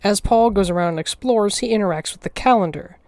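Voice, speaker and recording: A woman's voice: mid-range voice, a little fast, darkish tone. A woman narrating a game commentary, thinking aloud, emotional and swearing freely. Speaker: video essayist. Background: faint music.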